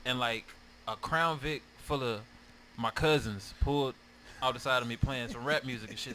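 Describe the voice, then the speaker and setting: A man talking casually as a podcast guest, relaxed and slangy, with lots of "bruh.". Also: mid-range voice, normal speed, slight background noise. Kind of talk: casual chat.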